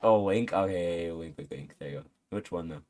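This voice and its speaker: A man's voice: deep voice, moderate pace, mellow. A young man co-hosting a podcast in casual chat, joking and giggling, often trailing off mid-sentence. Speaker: podcast co-host.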